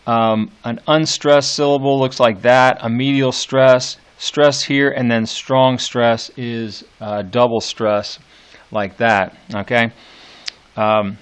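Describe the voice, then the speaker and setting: A man teaching a recorded lesson on poetic meter, thinking aloud with many fillers and restarts and slowing down to read verse lines with heavy stress. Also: medium pitch, smooth. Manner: reads verse aloud slowly, tapping out stresses. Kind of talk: instructional video lecture.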